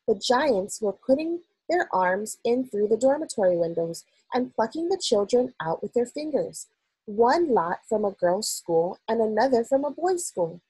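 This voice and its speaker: A woman's voice: on the high side, sing-song, a little slow, breathy edge, no echo, voice pushed up, heavily acted, poor audio. Woman reading as a composed, dignified queen. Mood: dismayed. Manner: startled, then sharp and commanding.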